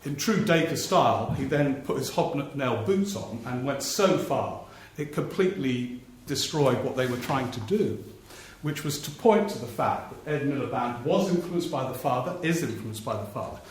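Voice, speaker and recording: A man's voice: mid-range voice, animated, moderate pace, hardly any pauses. Man telling stories on stage. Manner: storytelling, acts out politicians' voices for laughs. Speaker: political journalist performing on stage. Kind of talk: live one-man stage talk with anecdotes. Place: theatre stage before a live audience. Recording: very echoey live theatre recording, faint noise. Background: audience laughter.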